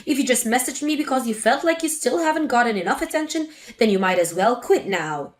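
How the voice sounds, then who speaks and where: A woman's voice: a little high, animated, fairly quick, natural voice. A woman voicing a spiteful, scornful older mother-in-law in a dramatic story reading. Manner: sneering, contemptuous.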